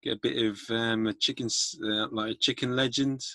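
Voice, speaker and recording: A man's voice: mid-range voice, fairly even intonation, brisk, bright, forceful tone, dry recording. A man hosting a podcast, chatting casually and making self-mocking jokes that ramble a little. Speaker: podcast host. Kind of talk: casual chat.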